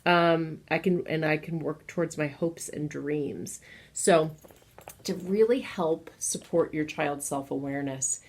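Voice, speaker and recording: A woman's voice: sits low, a little slow. A middle-aged woman who works with children, giving parents earnest, encouraging advice in a casual talk, stressing specific examples. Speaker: children's educator advising parents.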